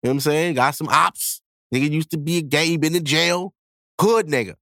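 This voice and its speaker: A man's voice: a little high, fairly quick, fairly bright tone, no room sound, studio quality. A man hosting a podcast in casual chat, blunt and profane, acting out people as he goes. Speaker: podcast host.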